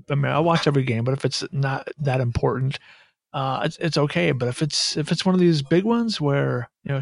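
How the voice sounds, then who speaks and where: A man's voice: on the high side, vocal fry, dry recording. A man co-hosting a sports podcast, talking candidly and a bit profanely about how he watches games. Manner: candid, profane, self-deprecating. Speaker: podcast co-host. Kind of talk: casual sports chat.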